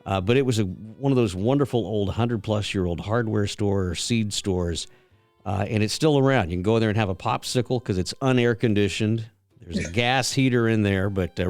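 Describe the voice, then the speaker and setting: Middle-aged male radio host, folksy and rambling, mid-pitched, dry close sound. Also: clear, resonant tone, dry recording. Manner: folksy storyteller, rambling with many fillers. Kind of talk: casual radio chat.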